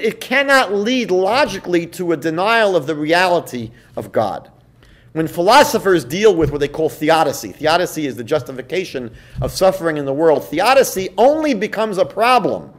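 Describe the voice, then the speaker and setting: A man, a rabbi, giving a lecture to a class, telling stories and acting out the voices of people he quotes, slowing down to stress key points. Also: high voice. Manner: animated storytelling, acts out quoted voices, slows for emphasis.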